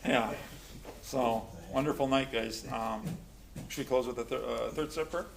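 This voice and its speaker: Gravelly man leading a recovery class. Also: medium pitch, unhurried, background noise. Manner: joking, conversational storyteller who questions the group. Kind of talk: informal class talk with personal stories.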